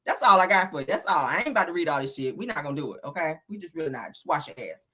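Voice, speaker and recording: A woman's voice: deep voice, very fast, slightly rough. A woman hosting a casual celebrity gossip show, sassy and profane, laughing often and talking straight to her viewers. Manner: animated, dramatic emphasis.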